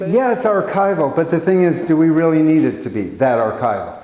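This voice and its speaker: A man's voice: a little high, expressive, brisk, darkish tone. A man in his sixties teaching painting to a small live audience in a casual, rambling, self-mocking way. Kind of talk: casual talk to a live class. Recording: echoey hall with faint noise.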